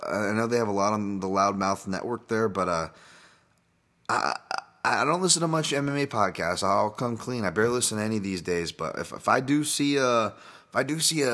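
A man's voice: lowish voice, a bit bright. A man hosting a solo fight podcast, talking casually in a rambling, profane way with many restarts. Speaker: podcast host and fight analyst.

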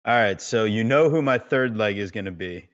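A man chats easily as a podcast guest, unhurried and relaxed. His voice sits a bit low, and the audio sounds dull and lo-fi. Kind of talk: casual sports betting chat.

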